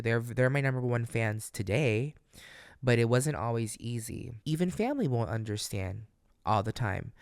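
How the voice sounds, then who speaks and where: A man talking through a casual solo podcast, candid and emphatic, swearing freely and speaking straight to his listeners with motivational encouragement. His voice is smooth and clear, recorded close and dry. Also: medium pitch, no echo. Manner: motivational, addresses listeners directly. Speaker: podcast host.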